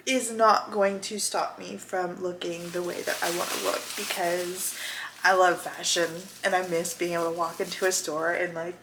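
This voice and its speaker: Candid woman with a gravelly voice. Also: fairly low pitch, little pitch movement, normal speed, fairly bright tone, slight background noise, poor audio. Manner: earnest, confessional, emotional. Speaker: weight-loss vlogger. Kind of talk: candid personal vlog. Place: at home.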